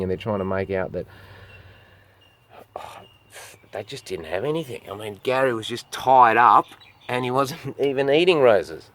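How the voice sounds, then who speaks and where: An Australian street performer with a goat speaks straight to camera, spinning a long, rambling story, swearing freely and acting out other people's lines. His voice is medium-pitched at normal speed.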